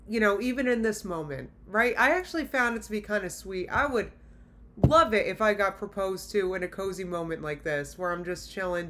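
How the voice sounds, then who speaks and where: A woman's voice: mid-range voice, fairly bright tone. Exasperated woman reacting to a video. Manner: exasperated, blunt, talks straight to viewers. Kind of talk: casual reaction commentary.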